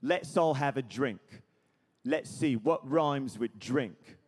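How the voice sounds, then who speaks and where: A man's voice: medium pitch, takes it slowly, pitched below the performer's own voice, natural voice. A man doing a curt British rock star. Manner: blunt one-word answers, dismissive. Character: curt, arrogant aging male rock star.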